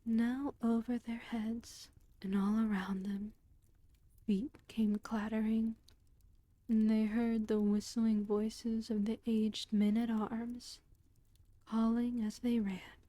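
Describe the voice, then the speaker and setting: In a whispered role-play, a woman storyteller reads a book aloud, her whisper slow and gentle into a close microphone. Her delivery is a little high and flat, and the recording is dry.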